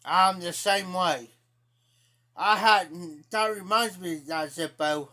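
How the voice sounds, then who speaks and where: A man's voice: high voice, slow pace, bright, forceful tone. A man with an Ohio accent telling a rambling, profane story to his live-stream chat in a casual way. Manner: rambling, profane, repeats himself.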